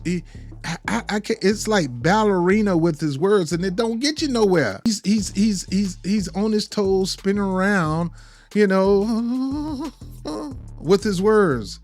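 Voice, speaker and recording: A man reviews wrestling in a loose, casual way, stumbling over and repeating his words as he goes. His voice sits a bit high for a man. Faint background music runs under his talk. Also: a little mellow. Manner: rambling, repeats words, informal grammar.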